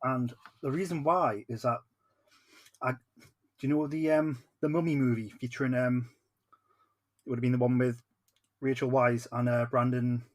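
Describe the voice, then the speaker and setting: A man hosting a podcast, talking in a hesitant way with many pauses and fillers. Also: mid-range voice, fairly even intonation, dry recording. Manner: hesitant, searching for words. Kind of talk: casual podcast chat.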